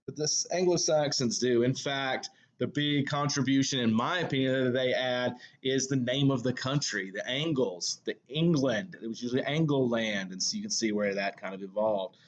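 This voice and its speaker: A man's voice: mid-range voice, normal speed, hardly any pauses, highs cut off. A male English teacher with a Southern US accent giving a recorded lecture. He talks in a conversational way, full of fillers and self-corrections. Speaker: high school English teacher.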